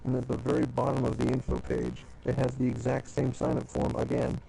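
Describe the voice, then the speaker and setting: A man's voice: mid-range voice, monotone, brisk, creaky, dark tone, slight background noise, low-quality recording. A man with a Southern country accent, teasing friends in loose banter. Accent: American Southern. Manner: teasing, reads text in mock ad voice. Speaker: friend in group chat. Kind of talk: casual banter.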